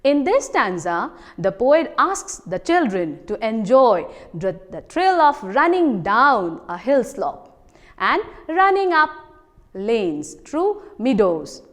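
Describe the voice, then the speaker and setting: A woman teacher with a Manipuri accent, her fairly high voice rising and falling in a lively way as she explains a lesson slowly. She keeps stopping to ask the class "what?" and then answers it herself. A long echo trails behind her words. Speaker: school teacher.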